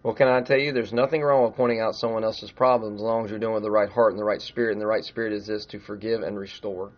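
A man's voice: on the low side, steady tone, fast talker, lo-fi sound. A middle-aged man preaching a sermon in a conversational way, growing emphatic as he retells a story. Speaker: pastor.

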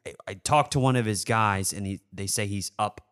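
A man's voice: lowish voice, fairly quick, a bit bright, clear, resonant tone. A young man from Michigan co-hosting a podcast, telling a story in casual chat and acting out quotes with bursts of laughter. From Michigan, USA. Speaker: podcast co-host.

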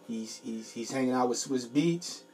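A man co-hosting a casual comedy podcast, relaxed and playful, eager when he talks about music. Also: medium pitch, moderate pace. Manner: laid-back, enthusiastic about music, playful. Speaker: podcast co-host.

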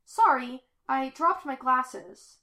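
A woman's voice: high voice, takes it slowly, pushed and bright, pitched above the performer's own voice, heavily acted. A woman voicing a shy, awkward young woman who speaks in a flustered, hesitant way.

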